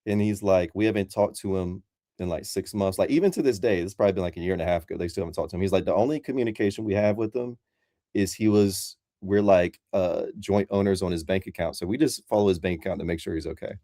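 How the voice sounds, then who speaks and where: Rambling low-voiced Christian caller man. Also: fast, mellow, no room sound, studio quality. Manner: rambling, filler-heavy. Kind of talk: casual debate chat.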